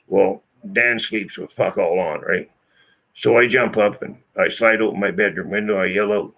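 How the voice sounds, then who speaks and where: A channel host tells a story to friends casually, his lowish voice fairly bright with vocal fry and moving at normal speed. He's blunt, profane, and emphatic.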